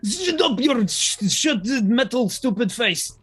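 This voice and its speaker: A man voicing a dim-witted, angry male ogre jailer who shouts in broken speech, with an Australian accent. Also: very high voice, expressive, moderate pace, breathy edge, voice pushed up, heavily acted.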